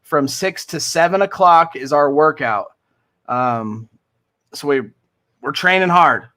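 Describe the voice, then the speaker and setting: Bright, earnest man hosting a recovery livestream. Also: fairly high pitch, slow pace. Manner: enthusiastic, earnest, jokey. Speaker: livestream host of a recovery community. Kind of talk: casual livestream chat.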